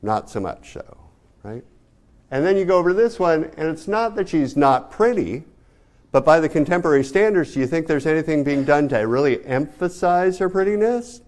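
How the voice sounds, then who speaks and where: A man's voice: a little high, expressive, moderate pace, darkish tone. A man giving a casual art history lecture, talking to students and asking them many rhetorical questions. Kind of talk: classroom lecture.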